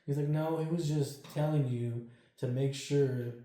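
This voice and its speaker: A man's voice: fairly high pitch, unhurried, very noisy. A man telling a ghost story as an interview guest, acting out the dialogue and swearing freely. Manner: animated, acts out quoted dialogue, swears freely. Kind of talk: casual storytelling. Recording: very echoey room.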